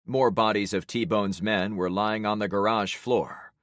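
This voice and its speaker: A man narrating an audiobook in the first person, with steady, grave storytelling. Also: fairly low pitch, a little slow, dry recording, studio quality.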